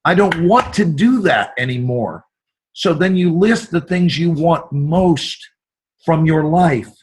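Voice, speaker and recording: A husky, fairly high-voiced middle-aged man tells stories as an interview guest. He talks expansively and drifts into little acted-out voices when quoting people. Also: slow. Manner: expansive, animated, acts out quoted voices. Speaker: guest actor. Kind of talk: motivational storytelling.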